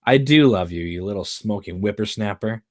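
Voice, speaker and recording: A man's voice: fairly low pitch, animated, moderate pace, close to an everyday voice. A man reading the part of a befuddled, affectionate middle-aged father who is a doctor, with an exasperated, blustery delivery.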